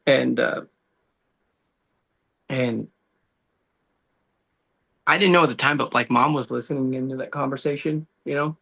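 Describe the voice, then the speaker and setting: A man, a law enforcement officer, telling personal stories as a guest in a casual podcast conversation, animated and full of "dude" and "bro.". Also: mid-range voice, a little slow, vocal fry, pauses often, slightly rough. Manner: animated storytelling, says dude and bro a lot.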